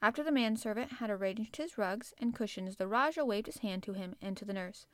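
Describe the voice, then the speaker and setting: A woman reads a storybook aloud with gentle, measured narration. Her pitch sits in the middle range. The sound is dry and close. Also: no room sound. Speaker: audiobook reader.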